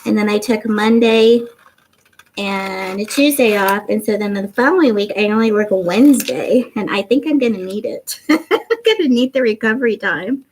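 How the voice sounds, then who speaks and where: A woman's voice: mid-range voice, moderate pace, rough recording. A middle-aged woman hosting a craft livestream, chatting casually and reading out viewers' comments. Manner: chatty, warm, reads viewer comments aloud.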